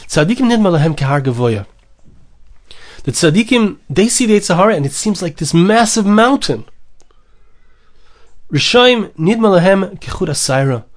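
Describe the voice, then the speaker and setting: A man's voice: high voice, very animated, moderate pace, pauses often. Emphatic man giving a Torah lecture. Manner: mixes Hebrew and Aramaic phrases, repeats words, emphatic. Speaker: rabbi teaching Torah.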